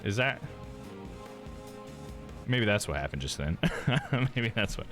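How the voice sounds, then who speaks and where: A man's voice: fairly low pitch, sing-song, slow pace, music in the background. A male streamer chatting casually while he plays a game, laughing often and calling people "dude".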